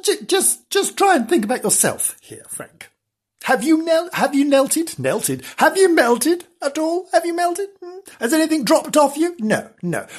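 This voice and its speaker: A woman's voice: a little high, husky. A woman reading a children's story aloud. She gives sardonic, exasperated asides to her own characters.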